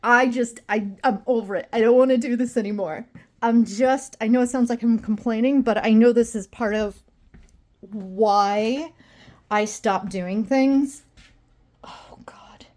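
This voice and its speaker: A woman's voice: a little high, measured pace, a little mellow. A woman vlogging at home in a rambling, self-deprecating, exasperated way. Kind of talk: casual personal vlog.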